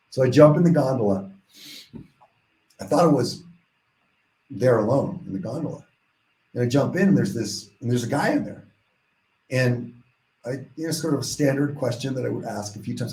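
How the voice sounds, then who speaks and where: Guy rambling through a story on a podcast, lots of restarts, kinda mellow, roomy echo. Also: mid-range voice, normal speed, a little hiss or hum. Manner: animated, rambling storytelling with many restarts and quoted dialogue. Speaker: podcast guest, psychotherapist. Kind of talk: casual storytelling in a podcast interview. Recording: echoey room.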